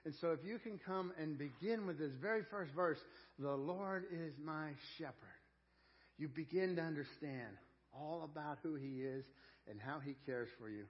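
Earnest pastor with a high-ish male voice. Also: moderate pace. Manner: earnest, swings from loud emphasis to quiet intensity; folksy, repeats words while searching for them. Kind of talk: sermon. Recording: dull lo-fi church audio.

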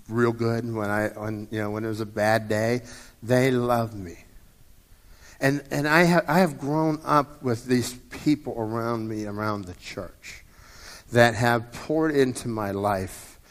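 A man's voice: fairly low pitch, a little slow, big-room sound. A man in his fifties preaching a sermon as a pastor, in a conversational way that often repeats and restarts words. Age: 50s.

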